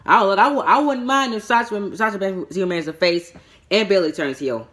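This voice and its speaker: A man's voice: sits high, moderate pace, sharp tone. A man giving a casual spoken show review, rambling with frequent stammered restarts and repeated words, and breaking into exasperated mini-rants.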